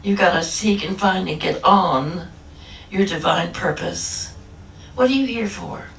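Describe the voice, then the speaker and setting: A woman's voice: lowish voice, measured pace, vocal fry, fairly bright tone, a little hiss or hum. A woman minister giving a humorous, emphatic sermon and drawing out key phrases, recorded in an echoey church hall from a distance. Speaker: guest minister.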